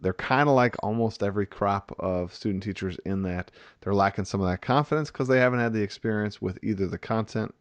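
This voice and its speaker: A man hosting a relaxed talk about teaching, animated and chatty with many fillers. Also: lowish voice, a little fast, few pauses, no room sound. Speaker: podcast host and teacher. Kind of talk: casual conversation.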